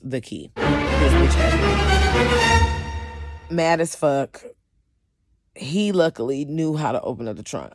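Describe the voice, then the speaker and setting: A woman who sells cosmetics tells a storytime vlog, swearing heavily and swinging from loud outbursts to quiet, shaken admissions. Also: sits low. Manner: emphatic, heavily profane storytelling. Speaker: cosmetics vendor.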